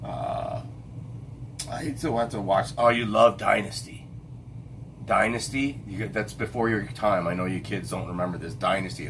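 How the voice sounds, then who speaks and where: A middle-aged man hosts a casual late-night livestream chat, rambling and pausing to hunt for names amid lots of fillers and restarts. His voice is on the low side and a bit bright, with fairly even intonation at a normal speed. There's slight background noise.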